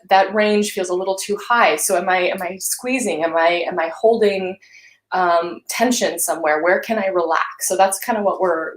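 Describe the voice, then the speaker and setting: Encouraging female vocal coach, roomy sound. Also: fairly low pitch. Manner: gentle, encouraging guidance with hums and sung syllables. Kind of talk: live-streamed vocal warm-up instruction. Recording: roomy echo.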